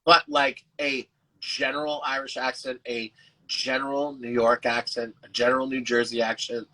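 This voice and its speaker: A man's voice: medium pitch, flat delivery, moderate pace, sharp tone, poor audio. A man, an actor guest, chatting casually over a video call, loose and full of fillers and restarts, with the odd swear. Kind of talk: casual chat.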